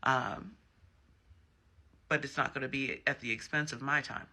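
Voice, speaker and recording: A man's voice: mid-range voice, fairly even intonation, measured pace, bright, forceful tone. A man giving a casual tarot reading, chatty and emphatic, with frequent personal asides. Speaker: tarot reader.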